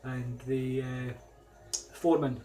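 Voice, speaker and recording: A man's voice: mid-range voice, little pitch movement, takes it slowly, dark tone, faint music behind. A middle-aged Scottish man telling personal anecdotes in a casual, rambling way, growing emphatic when he replays old arguments. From Scotland. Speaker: vlogger.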